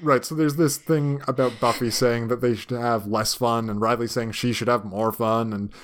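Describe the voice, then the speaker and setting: A man's voice: medium pitch, steady tone, moderate pace. A man co-hosting a podcast in casual chat, joking, swearing and laughing often. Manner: swearing, laughing often, mocking asides in silly voices. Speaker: podcast co-host.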